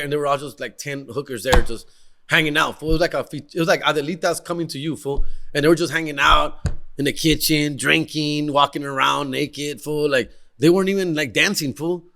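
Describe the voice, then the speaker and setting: A young man tells wild stories on his podcast, slangy and excitable, dropping Spanish in as he goes. His voice is forceful and tense. It sits a touch higher than most men's. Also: fairly quick, creaky. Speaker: podcast host. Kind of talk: casual storytelling.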